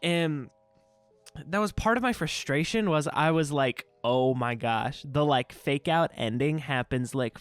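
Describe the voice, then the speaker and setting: A man co-hosting a podcast in casual chat, animated, laughing often and acting out quotes. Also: fairly high pitch, a little slow, clear, resonant tone, no echo, faint music behind. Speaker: podcast co-host.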